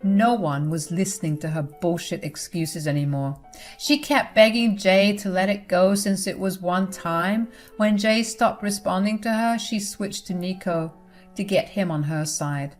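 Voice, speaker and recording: A woman narrates a first-person story in an expressive, chatty way, speaking at a middle pitch. Soft music plays faintly beneath her voice. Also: unhurried.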